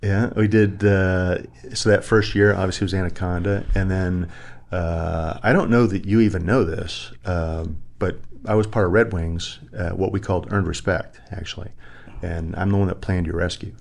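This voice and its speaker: Speaking at a normal speed with a low, fairly flat delivery and some vocal fry, a middle-aged former army pilot recounts war stories during an interview. His conversational storytelling is lively, and he acts out the voices of others.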